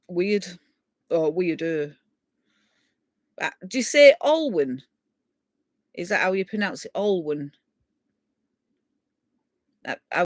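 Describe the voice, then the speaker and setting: With a fairly low-pitched voice and no echo, this middle-aged woman from Yorkshire, England rambles chattily on her live stream. She laughs while reading out comments in a casual chat with viewers.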